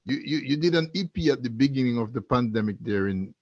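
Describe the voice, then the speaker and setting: A male host introducing a guest and asking questions in a halting way. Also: medium pitch, lively intonation, a little mellow, no echo. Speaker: interviewer host. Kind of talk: interview questions. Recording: dull, dry, lo-fi sound.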